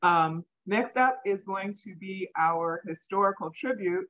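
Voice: medium pitch, unhurried, hardly any pauses, a bit bright. A chatty moderator introducing speakers during an online church service. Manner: laughing, chatty, affectionate. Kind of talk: casual online meeting hosting. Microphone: video call. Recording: dull lo-fi call audio.

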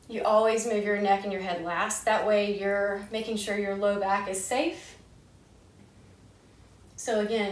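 A woman leading a gentle yoga class, giving calm, soothing cues paced with the breath. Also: a little high, distant mic. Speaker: yoga instructor. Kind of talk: gentle guided yoga instruction. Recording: echoey room, voice a bit off-mic.

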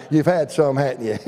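A man's voice: medium pitch, mellow, a little hiss or hum. An older man with a Southern American accent, preaching a folksy, humorous revival sermon in a church. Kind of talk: storytelling sermon. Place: church sanctuary. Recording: long church reverb.

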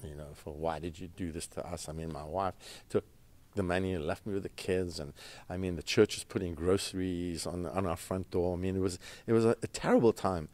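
Guy with a really low voice, earnest, stumbles and restarts a lot, interview guest. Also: a little mellow. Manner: earnest, halting with fillers and restarts. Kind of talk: storytelling in an interview. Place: red carpet event.

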